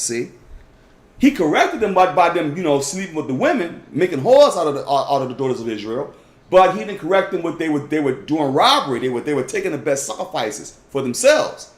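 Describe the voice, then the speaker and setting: Man, informal Bible teacher, animated, emphatic, echoey room. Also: a little high. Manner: emphatic, repeats "y'all", swings from loud to hushed. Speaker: teacher leading a Bible study.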